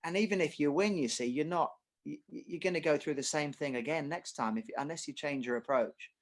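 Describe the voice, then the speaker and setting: Middle-aged man, tennis coach, casual podcast chat, animated, tells examples. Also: fairly high pitch, a little fast. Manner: animated storyteller, uses acted examples.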